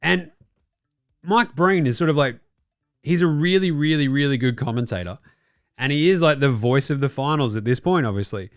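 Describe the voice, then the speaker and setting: A man's voice: medium pitch, lively intonation, moderate pace, dry recording, clean studio sound. An Australian man hosting a basketball podcast, giving blunt, profane opinionated commentary. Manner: profane, ranting, does mocking quoted voices. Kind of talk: opinionated sports commentary chat.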